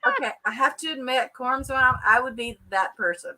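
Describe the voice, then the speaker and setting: Bright-voiced chatty woman. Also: high-pitched, animated, normal speed, rough recording. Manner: chatty, laughs often, addresses viewers by name. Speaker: co-host of a livestream chat. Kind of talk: casual livestream chat.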